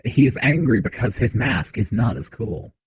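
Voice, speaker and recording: A man streaming a game from a home setup, chatting with viewers in a relaxed, joking way into a desk mic. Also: medium pitch, moderate pace, breathy edge, no echo, low-quality recording. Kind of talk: casual game commentary. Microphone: desk mic on shock mount.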